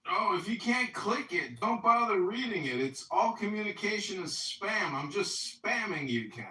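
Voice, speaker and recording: A man chatting casually as a political candidate, greeting friends with booming warmth. His voice is bright and cutting. It comes through distant and echoey. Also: sing-song, moderate pace. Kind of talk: casual chat on a voice chat app.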